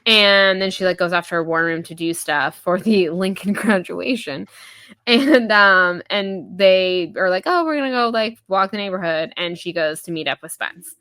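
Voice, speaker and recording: A woman hosting a podcast, chatting casually about a book, full of fillers and quick voiced quotes from the characters. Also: lowish voice, sharp tone, clear, resonant tone, no echo. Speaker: podcast host. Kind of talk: casual book review chat.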